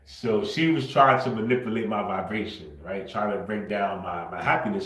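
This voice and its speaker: A man hosting a livestream, talking unscripted and confrontationally, swinging between low muttering and loud outbursts. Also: animated, moderate pace, few pauses, roomy sound, low-quality recording. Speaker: livestream host.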